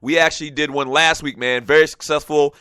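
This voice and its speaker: Animated man hosting a sports talk show. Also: a little high, a little fast, clear, resonant tone, dry recording. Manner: animated, chatty, speaks straight to listeners.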